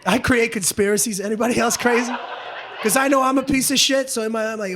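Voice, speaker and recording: A man doing a stand-up comedy set on a club stage, loud and profane, acting out both sides of arguments. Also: very high voice, steady tone, fast. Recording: live club recording with audience noise.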